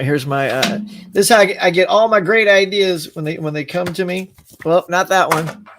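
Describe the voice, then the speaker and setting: Rambling man hosting a live chat. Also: a little high. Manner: rambling, laughs often, goes off on tangents. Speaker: host of a live stream show. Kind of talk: casual live-stream chat reading viewer comments.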